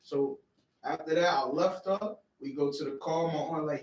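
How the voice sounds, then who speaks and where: A man telling an animated, swear-heavy story on a podcast and acting out the voices of the people in it. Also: a little high, normal speed. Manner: swears freely, acts out quoted voices. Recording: echoey room, mic a bit far, light noise.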